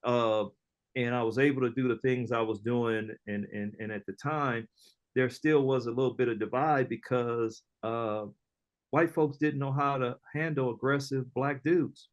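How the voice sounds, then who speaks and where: A man's voice: medium pitch, moderate pace, muffled recording. Slangy middle-aged man telling stories. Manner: animated storyteller, slangy, acts out quoted voices, laughs often. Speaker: entrepreneur guest. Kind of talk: casual storytelling interview.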